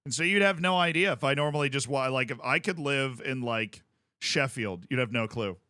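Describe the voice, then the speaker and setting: Casting note man, streamer, crisp bright voice, chatty and rambling, dry close sound. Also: medium pitch, a little fast, dry recording. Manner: rambling, chatty, with frequent restarts. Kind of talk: casual livestream chat.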